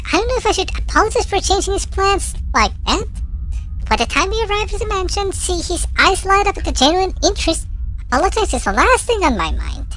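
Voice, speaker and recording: A woman's voice: very high voice, fairly bright tone. A woman streamer reading game narration aloud, with occasional slips and self-corrections.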